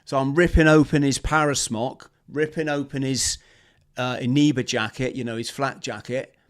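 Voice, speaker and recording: A man, a former marine guest on a podcast, telling a lively story and acting out the shouts, talking over a video call. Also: mid-range voice, normal speed. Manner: animated storyteller, acts out shouted quotes. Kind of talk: storytelling interview.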